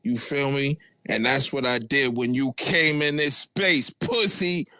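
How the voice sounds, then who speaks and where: A man's voice: medium pitch, unhurried, pushed and bright, dry recording. A man with a Brooklyn accent trash-talking a rival on a live audio chat in a taunting, profane, mocking way. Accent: Brooklyn New York.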